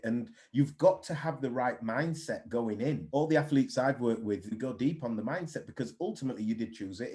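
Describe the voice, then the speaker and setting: A man, a mindset coach speaking bluntly and animatedly in a casual interview. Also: mid-range voice. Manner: blunt, animated storytelling with swearing.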